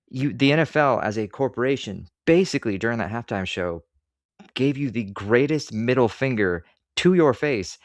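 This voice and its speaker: A man's voice: mid-range voice, no room sound, clean studio sound. A man ranting to camera as an online commentator, swearing freely and sarcastic, with rambling asides. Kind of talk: profane opinion rant to camera.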